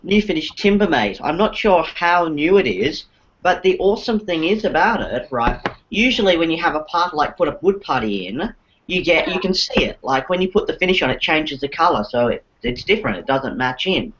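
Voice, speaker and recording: A man's voice: a little high, lively intonation, brisk, fairly bright tone, a little hiss or hum. A man co-hosting a casual podcast, explaining things with lots of "like" as filler. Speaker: podcast co-host. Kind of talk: casual chat. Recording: dull lo-fi audio.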